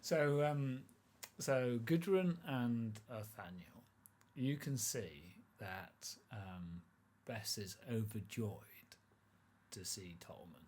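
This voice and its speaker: A man narrating a tabletop role-playing game as game master, relaxed and rambling, with lots of fillers and restarts. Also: lowish voice, slow.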